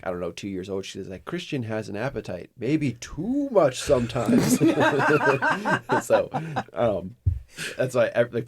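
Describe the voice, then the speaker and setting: Podcast guy rambling thru a story, lowish voice, gets loud and laughs. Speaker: podcast co-host. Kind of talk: casual chat, storytelling.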